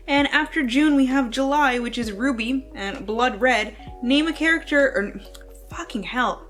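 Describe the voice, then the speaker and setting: Excitable, lively-voiced young woman vlogger. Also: fairly high pitch, normal speed, soft background music. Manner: swearing, excitable, talks to her baby between answers. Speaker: book vlogger. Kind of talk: casual chat. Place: at home.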